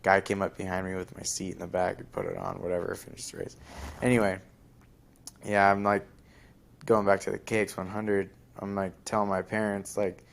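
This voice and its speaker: A man's voice: deep voice, level tone, normal speed, creaky. A young man hosting a podcast, telling a long story in a rambling casual way full of fillers. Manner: rambling, lots of fillers and likes. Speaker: podcast host.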